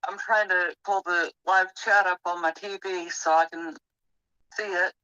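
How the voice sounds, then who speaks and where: Bright Southern American woman. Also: fairly low pitch, fairly even intonation, a little slow, smooth, dry recording, muffled recording. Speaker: guest. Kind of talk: casual livestream chat.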